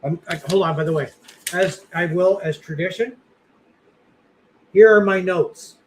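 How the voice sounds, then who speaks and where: This is a casual podcast chat from a middle-aged male co-host whose high voice moves at an unhurried pace. He rambles, leans on fillers, and runs himself down a bit. Slight background noise can be heard on the rough recording.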